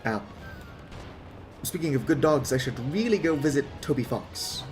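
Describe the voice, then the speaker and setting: A man's voice: on the high side, lively intonation, normal speed, over music. A man hosting a gaming video, making playful, joking asides during a let's play. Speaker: gaming channel host.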